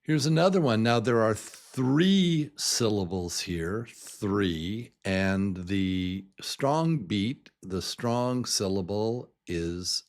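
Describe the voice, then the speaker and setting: An older man teaching English pronunciation to beginners, repeating each word many times and stretching his pitch up and down to show the stressed syllable. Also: extremely slow, hardly any pauses. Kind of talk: slow, deliberate pronunciation lesson.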